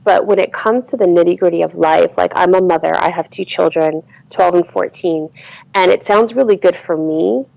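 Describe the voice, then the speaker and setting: A woman's voice: fairly low pitch, normal speed, creaky, darkish tone, dry recording, poor audio. A woman in her forties, a podcast guest in casual conversation, earnest and easy to laugh. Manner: earnest, laughs easily, acts out quotes.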